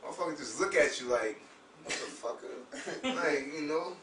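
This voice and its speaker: A man talking casually about faith in an animated, profane way, often saying "you know what I'm saying". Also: on the high side, moderate pace. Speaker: religious discussion host. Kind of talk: casual spiritual talk. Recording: roomy echo, far from mic, faint noise.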